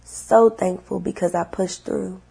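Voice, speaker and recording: A young woman talking earnestly to her viewers about faith and getting through hard times, repeating herself and swinging from hushed to loud. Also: mid-range voice, steady tone, measured pace, gravelly, slightly rough. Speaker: vlogger. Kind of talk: emotional faith-filled vlog monologue.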